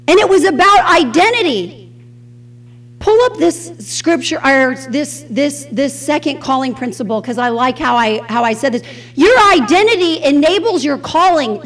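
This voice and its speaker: A middle-aged woman with a Southern US accent teaches a Bible lesson. Her voice sits high and swings widely in pitch. She takes her time, and she acts out every quote she tells. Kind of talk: sermon.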